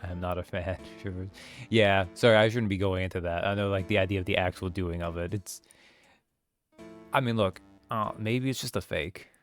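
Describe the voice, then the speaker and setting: Man, game streamer, rambling casual commentary, low voice, soft background music. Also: normal speed. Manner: chatty, rambling asides.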